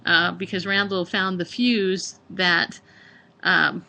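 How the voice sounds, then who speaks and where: A woman's voice: fairly low pitch, steady tone, takes it slowly, gravelly, sharp tone. A woman from California, rambling casually about a road trip as a podcast host, with lots of fillers and laughter. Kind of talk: casual travel chat.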